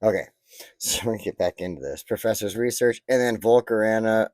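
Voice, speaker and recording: A chatty man with a lowish, mellow voice narrates a card unboxing, gushing over pulls and drifting into rambling asides. The sound is dry and close to the mic. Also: moderate pace, no echo. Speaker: card-opening vlogger. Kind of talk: casual unboxing commentary.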